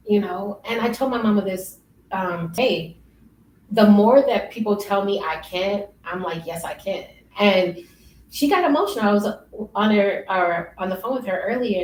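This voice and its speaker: A young woman telling stories in a casual interview, lively and often laughing. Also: medium pitch. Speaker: interview guest. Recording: roomy, distant, faint noise.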